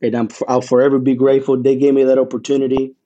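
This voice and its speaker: A man sits as an interview guest and tells his story with growing excitement and feeling. His voice is warm and mellow, never bright. He talks like a play-by-play broadcaster, with punchy phrases and dramatic pauses. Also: medium pitch, highs cut off. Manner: animated and emotional, with dramatic pauses.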